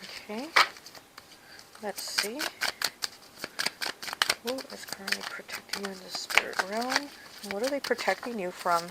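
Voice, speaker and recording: This woman's medium-pitched voice has vocal fry, and she speaks unhurriedly with long pauses amid heavy background noise. A tarot reader, she does a casual card reading, addressing the viewer chattily and often saying "okay" and "you know."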